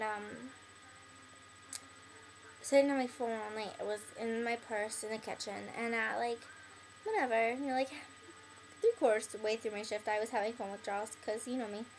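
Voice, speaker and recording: A woman's voice: a little high, a little hiss or hum, low-quality recording. A young woman talking straight to camera in a rambling, filler-heavy way, with "like" in nearly every phrase, blunt and bitter toward the person she addresses. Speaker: vlogger addressing an ex-friend. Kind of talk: casual rambling monologue to camera.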